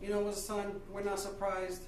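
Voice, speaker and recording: A man playing a stern deadpan Amish father. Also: high-pitched, normal speed, lightly acted. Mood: scornful. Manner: dry, blunt, deadpan put-downs. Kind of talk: live improv comedy. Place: live stage venue with audience. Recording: echoey room from far off, crowd.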